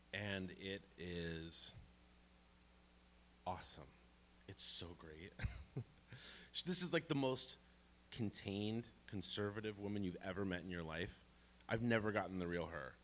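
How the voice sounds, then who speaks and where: A man telling a true first-person story at a live library storytelling event, animated and playful with comic asides. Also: sits low, slight background noise.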